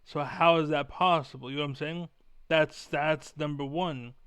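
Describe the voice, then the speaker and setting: A man's voice: fairly high pitch, steady tone, moderate pace, a bit bright, clean tone, dry recording. A young man ranting profanely to camera as a gaming vlogger, repeating himself as he vents. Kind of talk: angry rant to camera.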